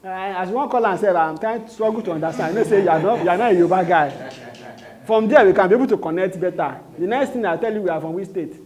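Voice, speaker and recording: A man's voice: sits high, fast talker, darkish tone. A man with a Nigerian accent giving a live training talk, quizzing the room and repeating his points. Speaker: sales trainer.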